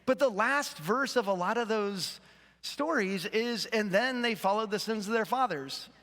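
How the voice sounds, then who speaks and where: A man's voice: high-pitched, a little slow, a bit bright. A man in his fifties, a pastor telling a self-deprecating story in a sermon to his church. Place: church auditorium. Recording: long hall reverb.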